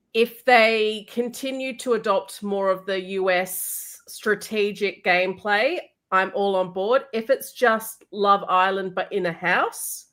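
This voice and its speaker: Female co-host, mid-pitched, dry and level-headed, casual chat. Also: a bit bright.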